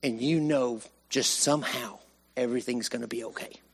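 A man preaching a sermon, swinging from raised emphasis to hushed, slow lines. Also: mid-range voice, gravelly, husky. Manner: animated, with sudden rises and hushed drops.

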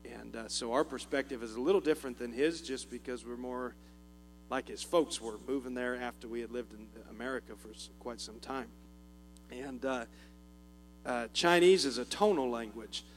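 A man's voice: medium pitch, moderate pace. A man with a Southern US accent giving a folksy, joking church talk as a missionary, chuckling often and using many fillers. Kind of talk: informal church talk with humor. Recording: long reverb with faint music and mains hum.

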